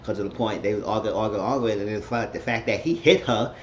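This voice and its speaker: A man talks through a TV episode recap in a loose, rambling way, padding it with filler phrases. His voice sits low. The recording sounds dull and lo-fi, with a faint hiss behind him. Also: quick pace. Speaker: TV recap reviewer.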